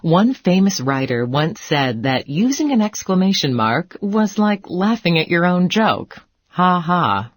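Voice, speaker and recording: Female teacher for a lesson video: patient, encouraging, lower voice with a breathy edge. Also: sing-song, a little slow, hardly any pauses, no echo. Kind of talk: scripted educational dialogue.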